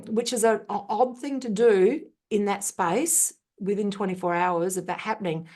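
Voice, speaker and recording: A woman, a podcast guest, sharing a personal story in an earnest, thoughtful way with frequent pauses and restarts. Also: medium pitch, darkish tone.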